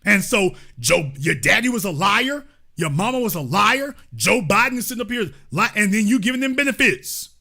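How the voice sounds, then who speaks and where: A man's voice: high-pitched, expressive, normal speed, gravelly, bright, forceful tone. A man hosting a profane, comedic political rant, often acting out the voices of the people he quotes. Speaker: political commentary host.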